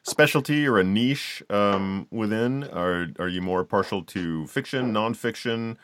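A man hosting a casual interview podcast, affable and relaxed, telling his own stories. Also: lowish voice, a little slow, no room sound. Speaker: podcast host.

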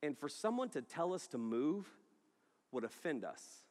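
A man's voice: on the high side, a little slow. A man preaching to a congregation, telling a story with jokes and acting out the people in it. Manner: animated, joking storyteller who acts out the people in his story. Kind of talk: sermon with storytelling. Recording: long hall reverb.

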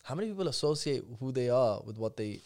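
A man talks quickly on a casual podcast. He tells stories at speed, breaking off and restarting his sentences. His voice sits at an ordinary middle pitch. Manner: fast, animated storytelling with many restarts. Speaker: guest speaker.

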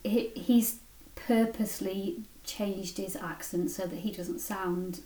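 A woman co-hosting a podcast, chatting in a relaxed way and often trailing off softly at the end of her sentences. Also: mid-range voice, slow. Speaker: podcast co-host. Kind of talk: casual podcast chat. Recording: roomy sound from a distant mic.

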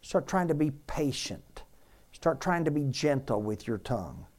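A man's voice: mid-range voice, lively intonation, measured pace, darkish tone. A man, a pastor, preaching a sermon in a conversational way and repeating key phrases for emphasis.

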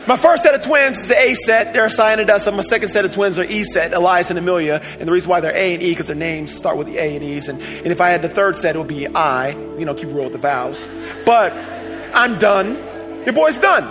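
Excitable storytelling man over music. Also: high-pitched, brisk. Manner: excitable, swings from shouting to hushed. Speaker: speaker telling a personal story. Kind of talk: animated personal storytelling. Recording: music playing behind.

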